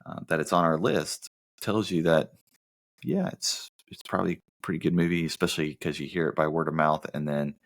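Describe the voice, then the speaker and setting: A man with an extremely deep voice co-hosts a movie podcast in easy, casual chat. He teases his partner and wanders through long plot summaries. He is from the American South. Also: a little fast. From Southern United States. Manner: teasing, rambling plot summaries. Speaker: podcast co-host.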